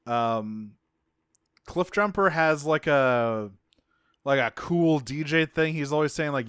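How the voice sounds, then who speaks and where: A man's voice: mid-range voice, slow pace, a bit bright, clean tone, no echo, clean studio sound. A man co-hosting a podcast, talking casually, swearing freely and laughing often. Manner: profane and laughing. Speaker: podcast co-host. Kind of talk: casual chat.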